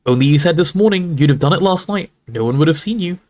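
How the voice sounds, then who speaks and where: A man's voice: a little high, expressive, fast, a little mellow, pitched above the performer's own voice, natural voice. A man voicing a jealous, sarcastic teenage boy who sulks at a friend he believes is lying. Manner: sarcastic, sulky, skeptical.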